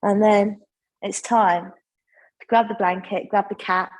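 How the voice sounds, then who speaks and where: A woman with a soft, breathy voice guides a yoga flow. She talks the class through each move in a gentle, chatty way and drops in friendly asides. Her pitch sits in a middle range. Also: fairly even intonation, a little slow, low-quality recording. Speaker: yoga instructor.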